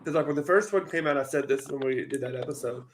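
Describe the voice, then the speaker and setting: A man's voice: mid-range voice, quick pace, slight background noise, rough recording. A man sharing thoughtful opinions on a podcast, hesitating and restarting as he goes. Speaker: podcast co-host. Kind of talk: casual chat.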